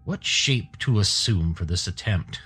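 A man reading an audiobook with a low, husky voice and steady storytelling. His pitch moves expressively, and faint music plays underneath. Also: measured pace. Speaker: narrator. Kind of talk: audiobook narration.

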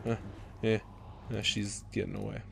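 A young man commentating his own gameplay, excitable, swearing and shouting at teammates. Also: fairly low pitch, moderate pace, vocal fry.

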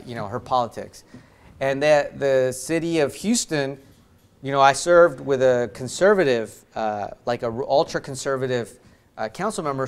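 A man's voice: on the high side, clear, resonant tone. Earnest man preaching with a raised voice. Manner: earnest, emphatic, with frequent restarts and swings in loudness. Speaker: lay preacher. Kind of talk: sermon with closing prayer. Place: church sanctuary.

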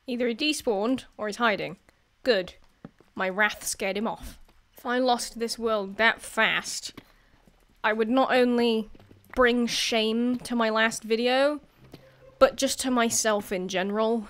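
High-voiced, unhurried woman gamer. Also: soft background music. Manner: chatty, excitable, laughs often, talks to the game's creatures. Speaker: gaming YouTuber. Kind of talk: casual gameplay commentary.

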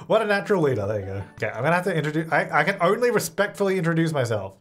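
Animated man narrating his gameplay. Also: fairly high pitch, quick pace, hardly any pauses, slightly rough. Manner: chatty, reacting aloud to the game, bursts into exasperated yelling. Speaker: gaming video creator. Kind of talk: let's play commentary.

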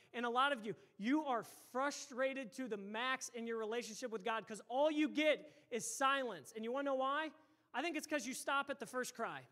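A male pastor preaching a sermon, energetic and emphatic, firing off rhetorical questions at his congregation. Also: very high-pitched. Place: church sanctuary.

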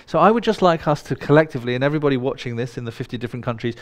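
A man leads a live workshop, talking straight to the people in the room. His delivery is playful and irreverent, with casual swearing mixed in, and his voice sits at an ordinary middle pitch. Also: expressive, racing. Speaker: workshop leader. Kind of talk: live workshop talk to an audience.

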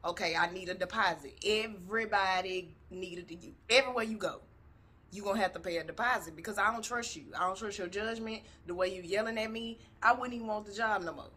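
A woman's voice: medium pitch, fairly quick, sharp tone, breathy edge. Blunt, profane woman reacting on video. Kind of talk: casual commentary.

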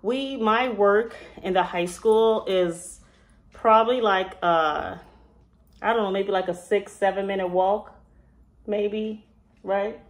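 A woman's voice: medium pitch, slow pace. A woman telling a personal story as a mother, in a casual, emotional, rambling way with many fillers and restarts.

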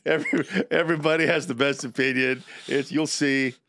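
A man's voice: medium pitch, steady tone, fairly quick, creaky, fairly bright tone, slight background noise. A man doing a brief impression of a boastful male politician, full of bragging superlatives. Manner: bragging, superlative-heavy delivery.

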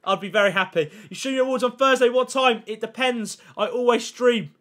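This young streamer talks to his audience with plenty of slang and excitement, constantly thanking chat and getting loud over pack openings. His voice is very high-pitched and fairly quick.

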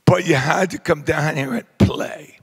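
An older man, giving a rowdy acceptance speech full of brash shouted jokes. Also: fairly high pitch, unhurried, slightly rough, long reverb tail. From New Jersey. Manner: boisterous, shouting, brash joking. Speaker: hall of fame inductee.

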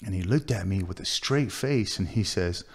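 A man speaks in a low, expressive voice as he earnestly relates a personal story. He is a tattoo artist in a sit-down interview, and his telling is halting, full of restarts and fillers.

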